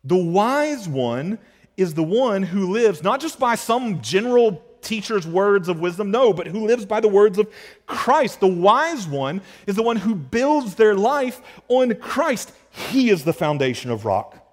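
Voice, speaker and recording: A man preaching an expository sermon as pastor, emphatic and repetitive, asking rhetorical questions and swinging between loud and hushed. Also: sits high, sing-song, measured pace. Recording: long reverb of a large hall.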